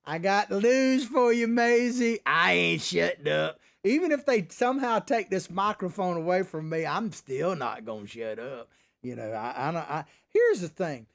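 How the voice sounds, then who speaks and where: Middle-aged male host, high voice that swings all over, folksy and combative. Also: animated, moderate pace. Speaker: commentary show host. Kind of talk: opinionated political commentary.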